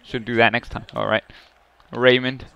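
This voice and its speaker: Excitable man yelling over a hockey game. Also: mid-range voice, moderate pace, gravelly, smooth, no room sound, highs cut off. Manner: swings from muttering to loud yelling at plays. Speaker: gaming YouTuber. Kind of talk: excited play-by-play gameplay commentary.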